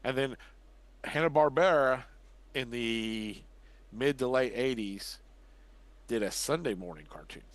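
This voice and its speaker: A man's voice: medium pitch, animated, measured pace, pauses often. A middle-aged man co-hosting a podcast, reminiscing and joking in casual chat. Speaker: podcast co-host.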